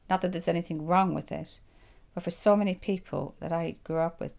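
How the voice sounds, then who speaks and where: A woman's voice: fairly low pitch, brisk, creaky, few pauses. An Irish woman in her sixties, telling stories from her own life in an interview and acting out her past thoughts as she goes. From Ireland. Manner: animated storyteller who acts out her own past thoughts. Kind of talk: reflective personal storytelling.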